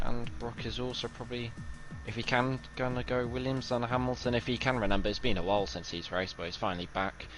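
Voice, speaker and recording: Low-voiced, laid-back male co-commentator. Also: rough recording. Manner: casual, laughs often, loose and rambling. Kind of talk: live sim racing commentary.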